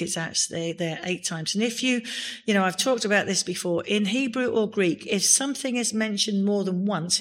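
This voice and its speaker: A woman pastor preaching in church, with a voice of middling pitch. She leans hard on key words and often builds to exclamations. The delivery is a full, emphatic sermon.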